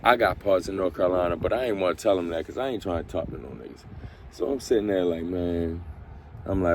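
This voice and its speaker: Low-voiced man telling a profane story. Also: fairly quick, slight background noise. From Baltimore. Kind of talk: casual storytime.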